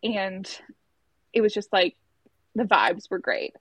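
A woman's voice: mid-range voice, lively intonation, slow, fairly bright tone, breathy edge, no echo. A young adult woman, a labor and delivery nurse, casually telling her birth story in a chatty way. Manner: chatty, acts out quotes in a raised voice.

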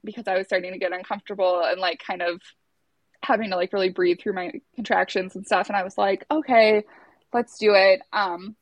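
A woman in her thirties telling a personal story in casual conversation, talking fast and loose with lots of "like" and acting out what others said. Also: mid-range voice, little pitch movement, dry recording. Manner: chatty, many filler "like"s, acts out quotes.

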